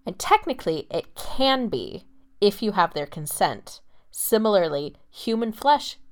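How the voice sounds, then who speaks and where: A woman co-hosting a travel podcast in casual chat, delivering absurd jokes in a dry, deadpan way. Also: mid-range voice, unhurried. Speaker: podcast co-host.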